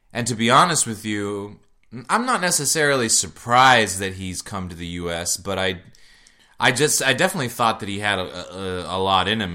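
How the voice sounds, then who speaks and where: A man co-hosting a casual football podcast, talking in an animated, rambling way with many restarts. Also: low-pitched. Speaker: podcast co-host. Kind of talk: casual sports chat. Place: Madrid.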